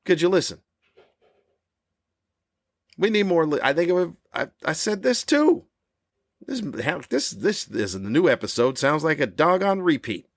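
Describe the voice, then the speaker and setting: A man in his fifties hosting a podcast, delivering a cranky comedic monologue with animated, ranting jabs. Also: measured pace, pauses often, no room sound, clean studio sound. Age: 50s. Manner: animated, ranting, with sudden high-pitched jabs. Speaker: podcast host.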